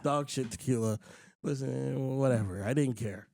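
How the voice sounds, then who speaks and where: A man hosting a podcast, telling a story in casual chat, animated and acting out other people's lines, with frequent swearing. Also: mid-range voice, moderate pace, creaky, no echo, studio quality. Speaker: podcast host.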